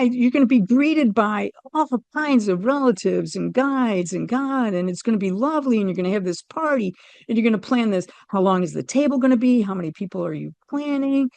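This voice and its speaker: A middle-aged woman recounting a personal near-death and family story in an interview, earnest and animated, acting out the dialogue. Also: fairly high pitch, brisk, creaky, no room sound. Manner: vivid, emotional retelling of a family loss. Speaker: guest sharing a near-death experience.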